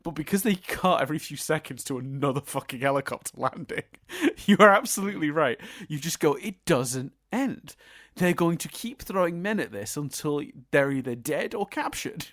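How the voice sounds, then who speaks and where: A man's voice: on the high side, animated, a little fast, hardly any pauses, a bit bright, dry recording, clean studio sound. A man co-hosting a film review podcast, chatting enthusiastically, laughing often and swearing casually. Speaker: podcast co-host.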